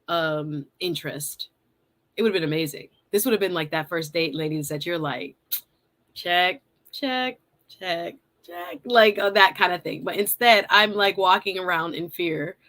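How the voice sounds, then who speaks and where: Telling a story on her live stream, this host speaks in a voice on the low side, keeping things casual and lively. She frequently bursts into laughter and performs her own lines as she goes.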